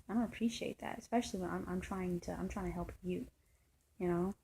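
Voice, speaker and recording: Telling a rambling story about her own life, this vlogger sounds frustrated, packing her casual monologue with fillers and false starts. She talks fast in a lowish, steady, warm voice, and the rough recording has a little hiss or hum.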